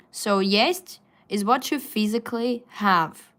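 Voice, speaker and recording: Slow-paced woman teaching on a live stream. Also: mid-range voice. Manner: slow, patient explaining with frequent fillers. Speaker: Russian language teacher. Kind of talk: live-stream language lesson. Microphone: phone.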